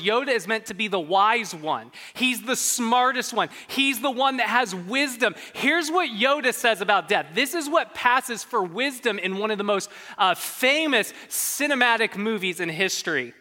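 A pastor delivers an earnest, conversational sermon, full of quick asides and repeated restarts. The voice is bright and forceful. A long reverb from a large sanctuary hangs behind each phrase. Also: medium pitch, animated.

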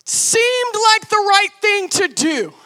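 A young woman from the United States telling a story in a sermon in an animated way, acting out the quotes. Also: very high-pitched, slow pace. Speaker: preacher.

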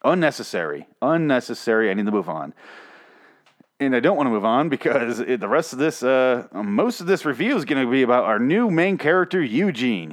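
A man reviewing a TV episode in a sarcastic, profane, rambling rant. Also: medium pitch. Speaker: TV show reviewer.

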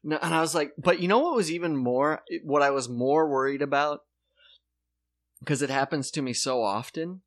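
A man's voice: on the high side, normal speed. A man in casual comedic chat, telling stories and acting out what people said, swearing freely. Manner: storytelling, acts out quotes, swears freely.

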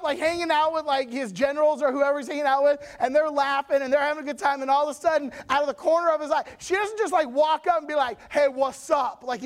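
A man teaching a Bible lesson in a chatty, animated storytelling way, often checking in with his listeners. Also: extremely high pitch.

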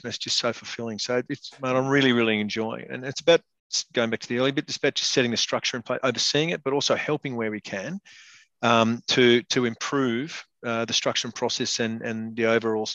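Fast-talking, matey man. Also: mid-range voice, steady tone, vocal fry, fairly bright tone, no room sound, muffled recording. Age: middle-aged. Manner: blunt and matey, swears freely, says "mate" constantly. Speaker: guest, former professional rugby player and state rugby board member. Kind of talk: casual interview chat.

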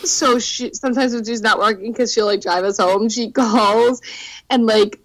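A woman's voice: fairly high pitch, steady tone, moderate pace, low-quality recording. A young woman co-hosting a podcast, chatting casually, giggling a lot and saying "like" often. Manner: giggly, oversharing, says "like" often. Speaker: podcast co-host. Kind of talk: casual chat.

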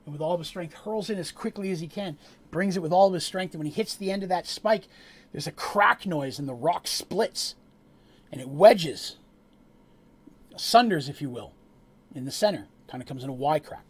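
A man narrating a tabletop game as game master, telling the story with animated asides to the players. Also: on the high side, moderate pace, slightly rough.

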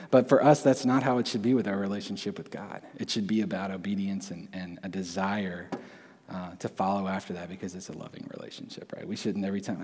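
A young adult man giving a sermon in a relaxed, conversational way, often restarting his sentences and adding asides. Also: deep voice, a little fast, a little hiss or hum. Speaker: preacher. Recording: long hall reverb.

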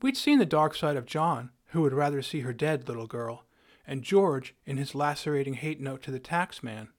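A man's voice: medium pitch, lively intonation, moderate pace. A man hosting a podcast, narrating a scripted story in a wry, dryly humorous way. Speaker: podcast host.

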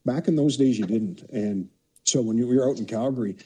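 This podcast guest, a Canadian ex-hockey player in his sixties, shares casual, meandering stories peppered with "you know." He talks fairly quickly in a warm, husky, mid-range voice, captured on a low-quality recording.

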